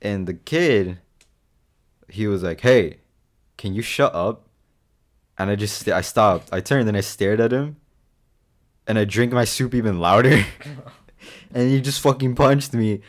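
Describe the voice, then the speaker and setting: A young man co-hosting a casual podcast, telling school stories with lots of swearing and animated quoting. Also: fairly low pitch, measured pace, pauses often. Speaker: podcast co-host. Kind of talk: casual chat.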